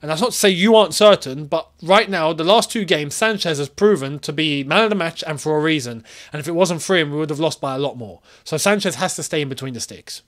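A man hosting his own football channel, ranting in an animated, exasperated way and firing off rhetorical questions. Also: a little high, fast talker, few pauses. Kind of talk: solo football opinion vlog.

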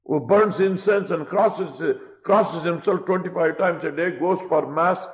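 A man's voice: on the high side, measured pace. A man preaching a sermon in an emphatic style, often pushing his voice up. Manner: emphatic, rising to a raised voice. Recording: dull lo-fi recording.

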